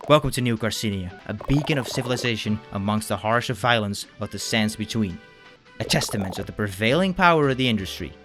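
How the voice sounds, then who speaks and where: Male gaming narrator, mid pitch, very animated delivery, cheeky asides, light music bed. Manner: joking asides to viewers. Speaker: gaming YouTuber. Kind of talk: playful game playthrough narration.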